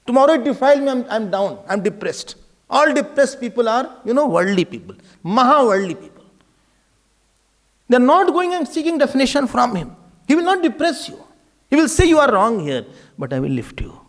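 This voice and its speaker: A spiritual teacher with an Indian English accent teaches scripture in a lively discourse, speaking a little fast and animatedly. His high voice leaps up and down through each sentence, and he drops Hindi and Sanskrit words into his English.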